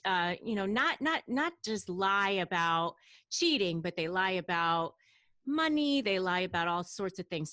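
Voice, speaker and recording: A woman's voice: lowish voice, a bit bright, dry recording. A woman interview host asking questions, hesitant and full of restarts as she frames them.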